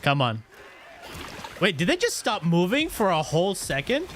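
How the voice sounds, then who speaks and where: A man's voice: sits high, huge pitch swings, normal speed, background noise. A man streaming a game, cracking crude jokes and rambling with repeated words. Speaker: gaming streamer. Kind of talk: live game commentary.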